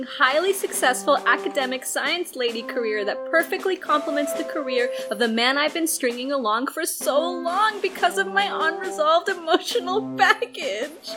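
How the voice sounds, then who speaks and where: A woman's voice: high voice, close to an everyday voice. A woman voicing an overwrought, melodramatic female scientist heroine in a comedy audio sketch.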